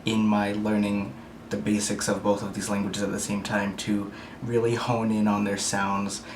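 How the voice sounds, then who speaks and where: A man's voice: on the low side, level tone, normal speed, reverberant, noisy background. A man vlogging about learning languages, speaking carefully and a bit overpronounced while his mouth is sore after dental surgery. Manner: careful, slightly overpronounced speech. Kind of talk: casual talk to camera.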